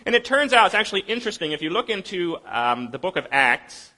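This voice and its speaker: A man delivering a sermon with a lively, swooping delivery and a bright, forward tone. He explains ideas in a conversational way, asks rhetorical questions, and slows down to read scripture solemnly. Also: high voice. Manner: reads scripture aloud slowly and solemnly. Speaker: pastor.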